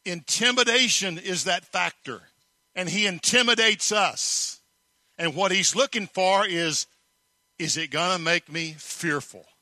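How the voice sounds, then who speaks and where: Bright-voiced emphatic preacher. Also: male voice, fairly high pitch, no room sound. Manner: emphatic storytelling, rhetorical questions. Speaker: pastor. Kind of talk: sermon.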